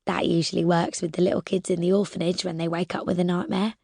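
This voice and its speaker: A woman narrating a first-person adventure audiobook in a lively, expressive way, now and then dropping to a whisper. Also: fairly low pitch, fast, creaky, dry recording, studio quality.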